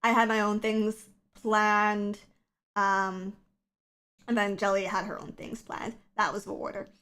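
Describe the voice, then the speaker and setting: A woman's voice: medium pitch, flat delivery, a little slow, a bit bright, clear, resonant tone. A woman streamer chatting casually on a livestream, rambling with lots of fillers, her voice scratchy from the early morning.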